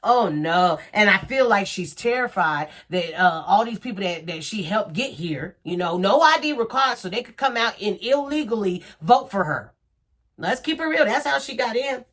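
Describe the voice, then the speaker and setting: An indignant woman rants to camera in a mid-pitched voice. She repeats herself, stumbles on restarts and throws out rhetorical questions. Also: expressive, moderate pace, hardly any pauses, fairly bright tone. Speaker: commentator. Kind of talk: ranting opinion video.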